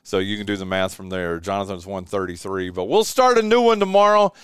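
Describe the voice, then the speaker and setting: A man hosting a local radio talk show, signing off in a relaxed, drawn-out way with plenty of "uh" and "man". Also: low voice, smooth, no room sound, clean studio sound. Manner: easygoing, drawn-out with many "uh"s and "man"s. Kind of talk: casual radio sign-off and chat. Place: radio studio. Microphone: studio microphone.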